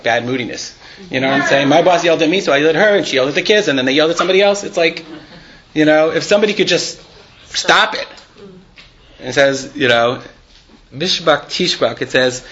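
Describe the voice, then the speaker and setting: A man teaching a Torah class to his students. He reads old texts aloud and unpacks them in a loose, chatty way with plenty of rhetorical questions. His voice sits a bit high, and the muffled recording has a faint hiss behind it. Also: fairly bright tone.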